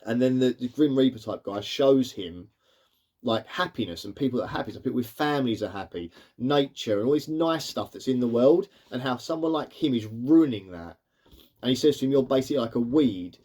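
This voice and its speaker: A man talks quickly through his review of an old cartoon, with a middle-of-the-road pitch. He rambles loosely and fills his sentences with "sort of" and "like" as he recaps the story. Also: animated, darkish tone. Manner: rambling, leans on fillers like "sort of" and "like". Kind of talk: casual spoken review.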